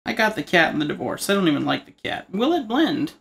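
A man's voice: a little high, lively intonation, fast, creaky, a bit bright. A man hosting an art tutorial, talking casually and cracking rambling jokes while he draws. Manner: joking, rambling asides. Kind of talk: casual narration while drawing.

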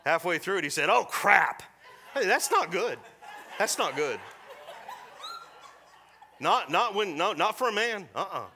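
A middle-aged man preaching a sermon as pastor, animated and mixing scripture with joking asides. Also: high-pitched, a little slow, pauses often, a faint crowd, slight background noise. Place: church service.

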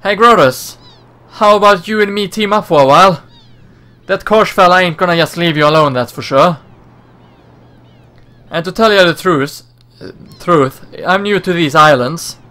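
A man's voice: a little high, animated, slow pace, pauses often, pushed and bright, full character voice. A man voicing a brash young woman in a game, talking cocky and teasing with slangy words.

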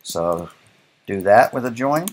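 Male instructor, very low and husky, casual live-coding lecture, thinks out loud. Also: lively intonation, slow pace. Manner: casual, thinks aloud, keeps asking "right?". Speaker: programming instructor.

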